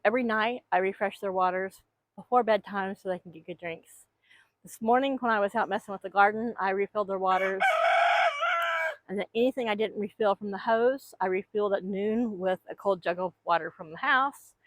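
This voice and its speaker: A woman with a medium-pitched voice chats at normal speed with her backyard chickens outdoors, rambling into a microphone for a casual vlog. There's no room sound at all.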